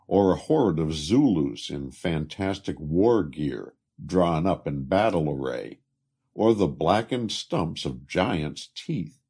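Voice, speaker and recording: A male narrator reads an old travel story in an unhurried, expressive way. His voice is deep and husky, and his pitch swings widely from phrase to phrase. He lifts his voice for the speech of the people in the story. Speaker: audiobook narrator. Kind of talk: scripted narration.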